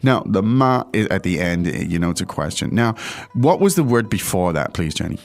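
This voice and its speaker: A man co-hosting a podcast lesson on Mandarin, playful and lively, drawing words out to demonstrate them. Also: low-pitched, normal speed, vocal fry. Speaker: podcast co-host teaching Mandarin. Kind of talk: casual language lesson.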